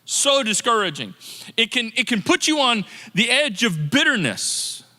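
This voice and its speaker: A man preaching a sermon as pastor, in a lively, conversational manner that acts out people's complaints. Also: extremely high pitch, a little slow, long reverb tail. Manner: animated, conversational preaching with quoted inner voices. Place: church sanctuary.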